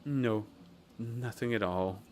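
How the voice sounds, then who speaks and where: A man's voice: fairly low pitch, slow pace, slight background noise. A man voicing a cowering, wailing kobold. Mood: fearful. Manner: cowering, repeats words in threes. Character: timid wailing male kobold, repeats himself in threes. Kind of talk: reading a game's story aloud.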